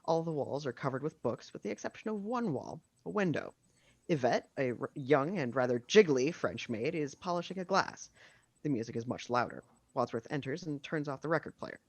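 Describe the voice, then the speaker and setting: A man narrating the stage directions of a screenplay at a casual video-call table read, with steady reading and dry asides. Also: a little high, brisk, gravelly, breathy edge, no room sound.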